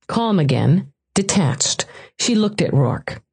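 A woman narrating an audiobook scene in an expressive way. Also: lowish voice, normal speed, slightly rough.

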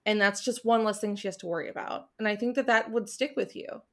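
A woman talking about books in a casual chat, in a measured, thoughtful way. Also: mid-range voice, steady tone, a bit bright. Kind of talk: casual book-club chat.

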